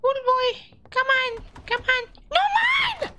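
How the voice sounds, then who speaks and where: A man voicing a whiny, bratty little boy who speaks in childish broken grammar and yells often during game commentary. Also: extremely high pitch, little pitch movement, takes it slowly, a little hiss or hum, exaggerated voice. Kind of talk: in-character gaming commentary.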